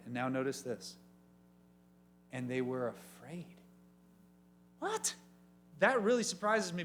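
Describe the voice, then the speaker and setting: A youth pastor telling a story with lots of energy and funny voices, and asking the room questions. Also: male voice, on the high side, a little hiss or hum. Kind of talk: youth sermon.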